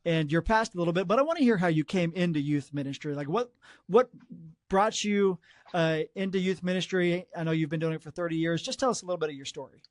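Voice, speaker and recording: A high-pitched man's voice, recorded close and dry. He hosts a casual podcast interview and speaks in a chatty, encouraging way to his guest. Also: quick pace, dry recording. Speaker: podcast host, worship pastor.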